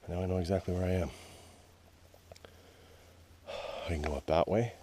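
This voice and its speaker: A man's voice: deep voice, fairly even intonation, normal speed, warm tone, a little hiss or hum. A man with a Canadian accent, narrating a hike in the woods to an action camera in a wry, grumbling way. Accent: Canadian English. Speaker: hiking vlogger. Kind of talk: casual narration while hiking. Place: wooded trail outdoors.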